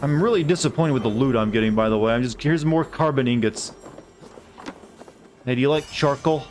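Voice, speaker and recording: A man's voice: mid-range voice, fairly quick, a little mellow, soft background music. Sarcastic American man streaming a game. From United States. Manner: rambling, sarcastic, griping asides. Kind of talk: casual gameplay commentary.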